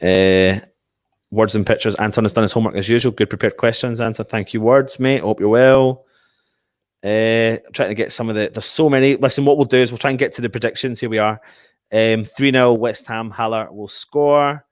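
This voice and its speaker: A man's voice: fairly low pitch, fairly quick, dry recording, studio quality. A man hosting a casual fan live stream, reading viewer comments and making match predictions. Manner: animated, reads out viewer comments.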